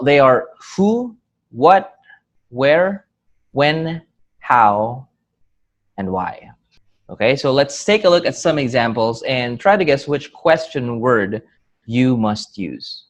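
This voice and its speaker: A man teaching an English grammar lesson, speaking clearly and patiently and acting out example questions with marked rising and falling intonation. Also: mid-range voice, sing-song, slow.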